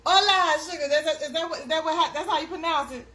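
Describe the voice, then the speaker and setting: A woman's voice: high-pitched, a little fast, a bit bright. A woman hosting a casual live chat, talking in a sing-song way and reading comments aloud. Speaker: livestream host.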